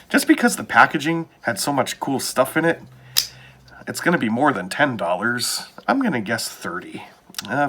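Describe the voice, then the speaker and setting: A man's voice: medium pitch, bright, forceful tone, breathy edge. A man casually talking through a knife unboxing, with wry asides muttered to himself.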